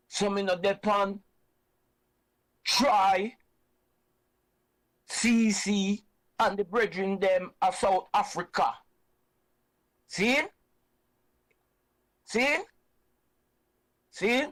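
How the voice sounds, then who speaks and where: A Jamaican man hosts an online reasoning show and speaks with fiery conviction. He drives his points home by repeating them in a preaching way. His speaking voice is high for a man. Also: extremely slow, pauses often, a bit bright, poor audio. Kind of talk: impassioned reasoning talk.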